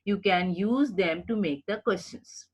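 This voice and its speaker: A woman's voice: medium pitch, measured pace, husky. A woman giving a recorded English grammar lecture, explaining patiently and repeating points, often checking in with "okay?". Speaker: English teacher.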